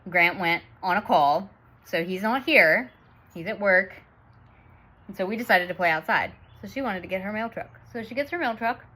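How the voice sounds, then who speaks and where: A woman's voice: mid-range voice, expressive, moderate pace, pushed and bright. A woman in her thirties telling a family story in a chatty vlog, laughing often as she talks. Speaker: vlogger and mother.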